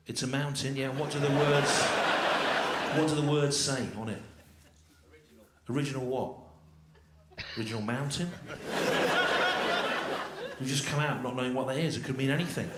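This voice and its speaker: This stand-up comedian works the crowd from the stage of a big comedy venue, sounding dry, repetitive and mock-exasperated. He has a steady, mid-range voice at normal speed with long pauses. Audience laughter and loud noise fill the echoey live recording.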